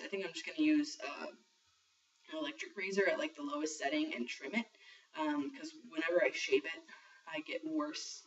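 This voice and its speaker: A young trans man talking casually in a video diary, rambling with lots of ums and the odd swear word. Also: on the high side. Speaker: vlogger sharing a transition diary. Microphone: built-in camera mic. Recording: muffled lo-fi camera audio from a distance.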